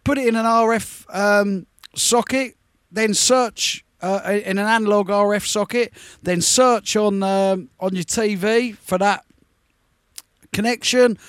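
A man in his fifties hosting a radio show, chatting through shout-outs and stories in a slangy, storytelling way. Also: high-pitched, fairly even intonation, measured pace, clean tone, no echo, studio quality. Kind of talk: live radio show chat. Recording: faint music behind.

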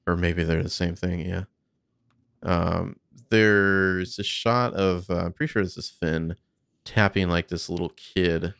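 A man's voice: deep voice, fairly even intonation, unhurried, creaky, fairly bright tone, clean tone, dry recording, studio quality. A man co-hosting a podcast, chatting casually about film footage, swearing freely and thinking aloud with fillers. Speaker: podcast co-host.

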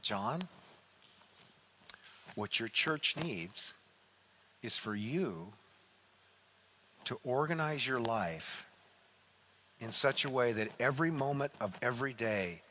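A man voicing a calm, soft-spoken, wise old man, speaking slowly and gently in an echoey hall. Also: medium pitch, slight background noise, voice pushed down. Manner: slow, gentle, hushed delivery.

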